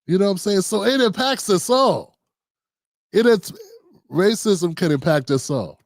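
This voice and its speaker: The livestream host, from Maryland, USA, has a high-pitched, animated voice and a measured pace, recorded with no echo. He chats casually in monologue form, repeatedly asking "you know what I'm saying."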